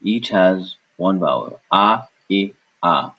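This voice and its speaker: Speaking slowly in a low, expressive voice, a man walks through a language lesson one step at a time, breaking words into syllables and saying them again with patience. The audio has a dull, lo-fi quality.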